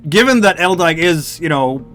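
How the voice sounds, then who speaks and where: A man narrating a tabletop game as the game master, unhurried and using frequent fillers. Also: on the high side, animated, fairly bright tone.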